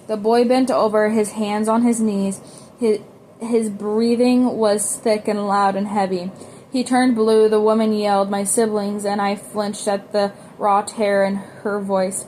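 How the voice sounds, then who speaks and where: A woman's voice: mid-range voice, steady tone, a little slow, darkish tone, a little hiss or hum. A woman reading a novel aloud in an unpolished way, often stumbling and restarting words. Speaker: audiobook reader.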